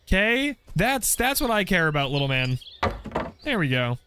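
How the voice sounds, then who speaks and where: A young gaming video creator jokes through a game playthrough with playful commentary, laughing often. His voice sits high and is very animated, with a sharp, clean tone at normal speed.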